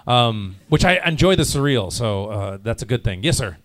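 A man's voice: medium pitch, lively intonation, normal speed, a bit bright. An American man who works as a voice actor, answering fan questions in a rambling, chatty way with many fillers and restarts, and a little jet lagged. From United States. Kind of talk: casual panel Q&A.

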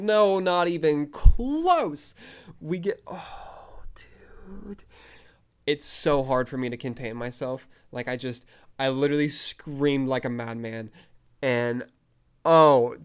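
A young man hosting a fan podcast, gushing with breathless, excited commentary and frequent outbursts. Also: medium pitch, smooth. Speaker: podcast host.

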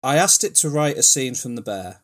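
A man's voice: medium pitch, very animated, moderate pace. A man co-hosting a podcast in casual, rambling chat with many fillers. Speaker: podcast co-host.

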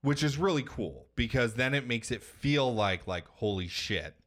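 A man on a podcast, casually retelling a video game story in an animated, profane way. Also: medium pitch, normal speed. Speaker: podcast co-host.

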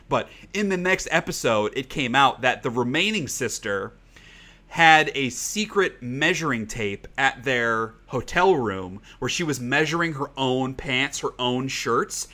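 A man's voice: medium pitch, bright, forceful tone. A man co-hosting a podcast who chats casually and rambles, swearing freely and using lots of "like". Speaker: podcast co-host. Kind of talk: casual chat.

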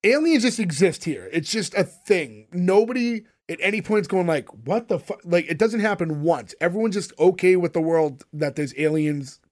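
High-voiced man rambling on a podcast. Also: lively intonation, normal speed, few pauses. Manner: rambling, many "like" fillers and restarts. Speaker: podcast host recapping a sitcom. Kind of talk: casual podcast chat.

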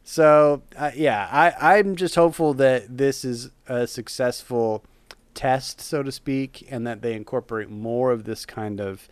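A man chatting casually as a podcast co-host, his voice smooth and resonant. He talks with eager enthusiasm, sometimes circling back on his words. The sound is close and dry. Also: mid-range voice, a little slow, dry recording. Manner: enthusiastic, rambling with restarts. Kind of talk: casual chat.

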